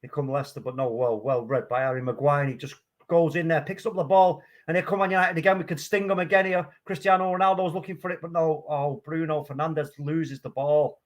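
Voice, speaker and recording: Male fan-commentator, slightly high voice, excitable, prone to loud outbursts. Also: fairly quick, few pauses. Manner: excitable, swings from calm play-by-play to loud outbursts. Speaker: watchalong host. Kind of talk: live match commentary.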